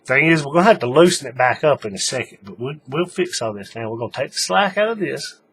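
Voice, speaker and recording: A man's voice: medium pitch, animated, quick pace, fairly bright tone, a little hiss or hum. A man giving a casual, folksy hands-on craft tutorial, talking while he works. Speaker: paracord tutorial maker.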